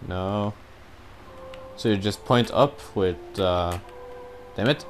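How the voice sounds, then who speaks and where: A man's voice: lowish voice, slow pace, long pauses, faint music behind. A man giving casual, rambling commentary while he plays a video game, cursing now and then at his own mistakes. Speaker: let's play gamer.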